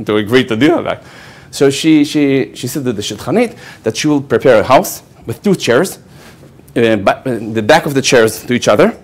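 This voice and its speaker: A man with an Israeli accent, a rabbi giving a storytelling lecture, laughing often and checking in with "okay" as he goes. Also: medium pitch. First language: Hebrew.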